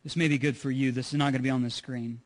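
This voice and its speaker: A man's voice: mid-range voice, steady tone, rapid-fire. A man preaching a sermon as pastor, earnest and repetitive, asking his listeners rhetorical questions.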